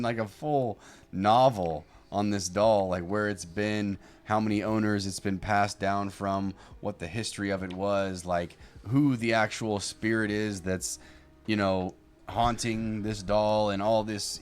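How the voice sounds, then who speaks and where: Man, podcast co-host, blunt, sarcastic, lowish voice, casual talk.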